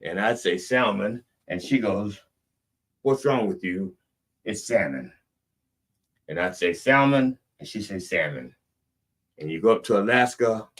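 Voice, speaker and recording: Very deep-voiced man telling rambling stories. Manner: animated storyteller, shifts loud and soft. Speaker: comedic preacher host. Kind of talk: rambling comedic monologue.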